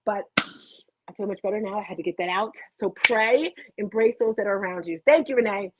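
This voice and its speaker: A woman's voice: medium pitch, brisk, very noisy. A middle-aged woman hosting a rambling live motivational talk, chatty and prone to tangents, telling stories animatedly into her computer webcam at home. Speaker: motivational host. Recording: tinny phone-like dry audio.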